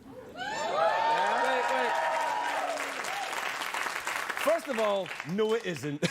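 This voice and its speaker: A middle-aged man hosting a late-night talk show, wisecracking and telling stories with lively timing. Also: very high voice, extremely slow, a loud crowd. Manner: wisecracking, animated storyteller. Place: TV studio with live audience. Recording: studio audience laughter and noise.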